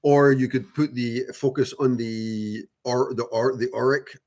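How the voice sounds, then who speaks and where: A man's voice: mid-range voice, steady tone, unhurried, darkish tone. A man hosting a channel, talking casually and at length to viewers about spiritual topics, rambling with many fillers, restarts and casual swearing. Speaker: channel host.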